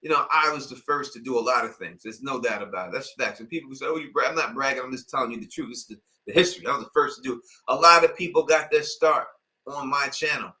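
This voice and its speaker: A man's voice: medium pitch, fast talker, sharp tone, rough recording. A man with a New York accent hosting a casual live-stream Q&A, talking emphatically and insistently. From Queens, New York. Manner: emphatic, insistent, repeats "you know what I mean". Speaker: YouTube channel host.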